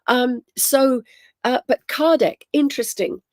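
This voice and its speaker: A woman's voice: sits high, measured pace, darkish tone, dry recording, studio quality. A woman hosting a casual livestream on spiritual topics, telling stories with lots of ums and greeting viewers by name.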